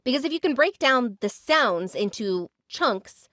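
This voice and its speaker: A woman's voice: a little high, animated, unhurried, a bit bright, no room sound, studio quality. A woman co-hosting a podcast in easygoing chat, agreeing readily. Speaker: podcast co-host.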